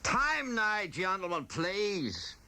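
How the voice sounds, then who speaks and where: A man voicing a middle-aged Belfast pub owner in a Belfast accent, shouting out closing time to get people to leave. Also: sits high, wildly swooping pitch, takes it slowly, exaggerated voice. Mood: bellowing impatient. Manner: shouting, raised and insistent.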